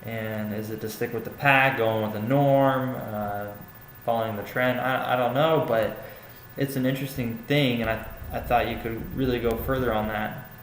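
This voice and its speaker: A young man's medium-pitched, steady voice moves at a moderate pace with hardly any pauses as he gives a classmate casual feedback on a paper. Still, he's hesitant, relying on many fillers and restarts. The room echoes, with faint ambient noise.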